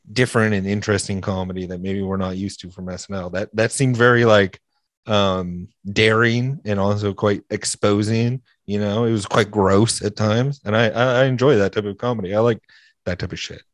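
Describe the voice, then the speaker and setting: A man's voice: on the low side, fairly even intonation, moderate pace, no echo. A man hosting a podcast in casual chat, laid-back, repeating himself and swearing casually. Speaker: podcast host.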